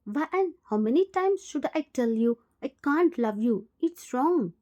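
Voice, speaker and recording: Woman playing a remorseful man in his late forties, Indian English accent, warm tone. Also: high voice, lively intonation, unhurried. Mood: firm. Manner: pleading, guilt-ridden.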